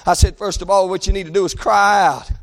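Preacher guy, real high voice, hollering in that sing-song revival cadence. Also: fairly even intonation. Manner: chanting, shouting preacher cadence with drawn-out phrases. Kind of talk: fiery revival sermon.

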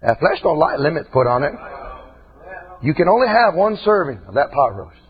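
A man preaching an impassioned sermon in a church, often breaking into shouts. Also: fairly high pitch, very animated, normal speed. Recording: dull lo-fi recording.

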